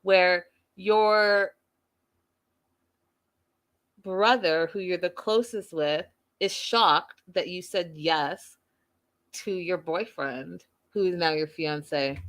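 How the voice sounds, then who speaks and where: A woman's voice: fairly low pitch, slow, fairly bright tone. A woman hosting a TV recap show, chatting casually to her viewers in a gossipy, playfully dramatic way.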